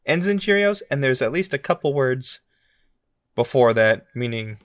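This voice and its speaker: A man co-hosts a casual podcast and plays contestant, thinking aloud and laughing easily as he works through his guesses. His voice sits at a typical male pitch, and the recording is dry and close, with no room sound. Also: expressive, normal speed, no echo. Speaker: podcast co-host, contestant in the game. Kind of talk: casual game-show podcast chat.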